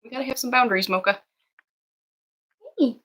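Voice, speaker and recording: A woman's voice: fairly high pitch, normal speed, a bit bright. A woman dog breeder narrating a casual vlog, cooing to puppies in sing-song baby talk.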